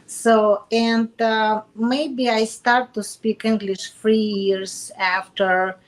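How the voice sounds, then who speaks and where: Russian-accented woman, halting English. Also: fairly high pitch, flat delivery. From Kaliningrad, Russia. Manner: halting non-native English with restarts, laughs often. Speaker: interview guest. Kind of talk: casual chat.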